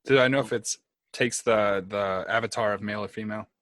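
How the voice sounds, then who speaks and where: A man's voice: on the low side, steady tone, fairly quick, fairly bright tone, dry recording. A man playing a tabletop game in casual chat, asking the game master questions. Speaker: player.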